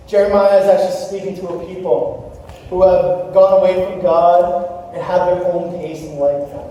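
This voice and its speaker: A man preaching a sermon as pastor, telling stories and talking to his congregation with animated asides. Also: sits high, a little hiss or hum. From Canada. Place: church sanctuary. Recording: echoey hall from far off.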